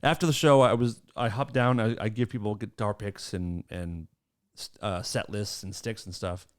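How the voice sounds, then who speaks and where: A man's voice: lowish voice, normal speed. A young adult man hosting a podcast, telling a casual story with plenty of laughter and acted-out quotes. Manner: animated, laughs mid-story, acts out quotes. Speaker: podcast host.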